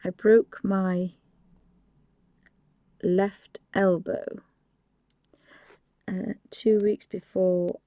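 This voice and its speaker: A woman's voice: mid-range voice, flat delivery, extremely slow, long pauses, dry recording, lo-fi sound. A woman hosting a live painting tutorial, chatting casually and often dropping to a whisper, with rambling, apologetic asides at her home desk. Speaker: craft channel host.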